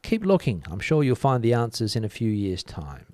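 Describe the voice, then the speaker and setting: A male news host talks loosely and unhurriedly, often stopping on fillers as he reacts to viewers' comments. His voice sits at an ordinary middle pitch. The recording is dry and close, with no room sound. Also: normal speed, no room sound. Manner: relaxed, many "uh" fillers, reads comments aloud and muses. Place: lives in Spain.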